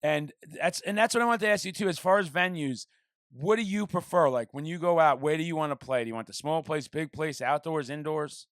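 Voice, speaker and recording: Fiery high-voiced man ranting. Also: fairly bright tone, no echo, clean studio sound. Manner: profane, heated, fast-flowing rants. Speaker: podcast host. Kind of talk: casual podcast chat.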